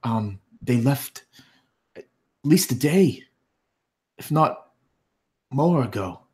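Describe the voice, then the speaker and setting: A man voicing a gentle, caring young woman healer in a tabletop fantasy game. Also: medium pitch, lively intonation, takes it slowly, voice pushed up. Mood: worried.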